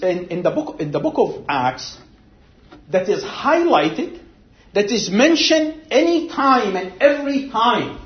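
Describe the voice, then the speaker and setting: A man preaching a sermon, slow and deliberate, telling a story and then pressing his point with emphatic swells. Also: very high voice, roomy sound, muffled recording.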